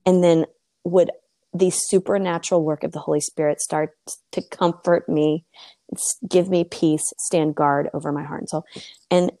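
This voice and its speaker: A woman speaking earnestly about faith on a podcast, close to tears, with a gravelly voice. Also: deep voice, steady tone, normal speed, warm tone, no room sound. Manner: earnest, tearful, preaching tone.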